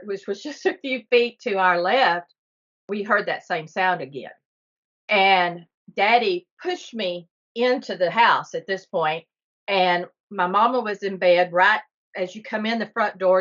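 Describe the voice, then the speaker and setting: A woman's voice: medium pitch, fairly bright tone. A middle-aged woman from Texas, a podcast guest telling a story earnestly and vividly, with small laughs. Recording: slightly muffled podcast audio.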